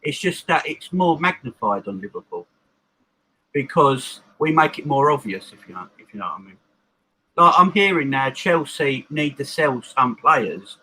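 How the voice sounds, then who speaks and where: Guy with a raspy bright voice making his case on a fan show, pitch moving around a lot. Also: sing-song, low-quality recording. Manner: emphatic, quick opinions with restarts. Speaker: football fan panelist. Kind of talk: casual panel chat.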